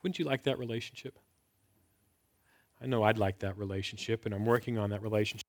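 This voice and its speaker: Indoors, in a filmed talk, a thirtysomething pastor preaches fast in a lowish voice, pausing often. His conversational delivery leans on rhetorical questions and heavy emphasis on key words, with emphatic rises.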